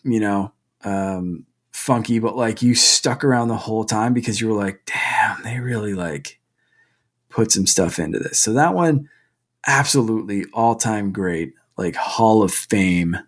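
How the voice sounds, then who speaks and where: A man co-hosting a gaming podcast in relaxed, rambling casual chat. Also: fairly low pitch. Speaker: podcast co-host.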